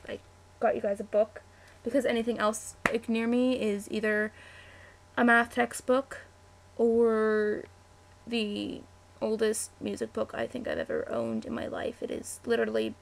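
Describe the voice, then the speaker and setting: A woman's voice: a little high, level tone, measured pace, vocal fry. A chatty young woman, answering a word-list meme on webcam, easily distracted and full of "like" and "um". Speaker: vlogger.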